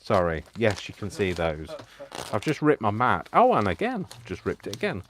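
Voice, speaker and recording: A man's voice: on the low side, wildly swooping pitch, moderate pace, background noise. A man hosting a live craft stream, chatty and self-mocking, laughing often as he works. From United Kingdom. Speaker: crafting channel host.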